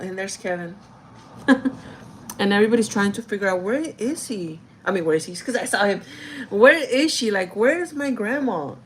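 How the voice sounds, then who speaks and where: A woman's voice: medium pitch, slight background noise, low-quality recording. A young woman vlogger telling a family story in casual chat, rambling with many fillers and often calling her viewers "guys".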